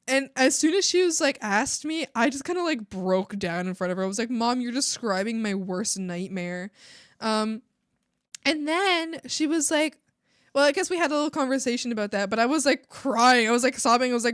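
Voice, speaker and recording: A woman's voice: on the high side, moderate pace, fairly bright tone, smooth, no room sound, studio quality. A young woman streaming while she draws, chatting casually in a rambling, emphatic way with many fillers and restarts. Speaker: art streamer. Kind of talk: casual chat while drawing.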